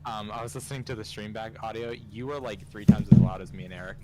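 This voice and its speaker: A man's voice: lowish voice, fast talker, heavy background noise. A man guesting on a live stream, chatting in an easygoing, hesitant way. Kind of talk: casual chat.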